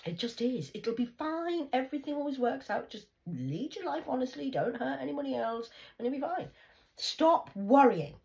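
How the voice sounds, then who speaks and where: A woman voicing her wise elderly grandmother, who calmly and firmly tells her to stop worrying. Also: sits high, normal speed, creaky, pitched above the performer's own voice, heavily acted. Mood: reassuring. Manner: soothing, reassuring, firm. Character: wise calm elderly grandmother, gently firm.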